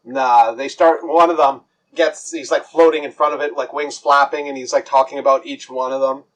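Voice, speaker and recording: A man's voice: medium pitch, steady tone, moderate pace, fairly bright tone, low-quality recording. A man narrating as game master, rambling with lots of fillers and restarts.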